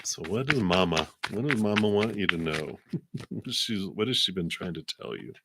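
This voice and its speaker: A man's voice: low-pitched, expressive, moderate pace, noisy background. A man hosting a live tarot card reading, chatting in an easygoing way, laughing often and relaying what spirits say in his own voice. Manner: rambling with fillers, paraphrases spirits in his own voice. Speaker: tarot card reader, host of a live stream.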